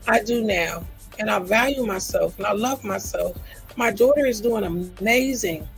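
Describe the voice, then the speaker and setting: A middle-aged woman speaks straight to her livestream audience, heartfelt and earnest, leaning on repetition to drive points home. Her voice has a gravelly, fry-laden texture at a middling pitch. Faint music plays quietly behind her. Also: normal speed, low-quality recording. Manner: earnest, heartfelt, repeats phrases for emphasis. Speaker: livestream host. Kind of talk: emotional personal livestream talk.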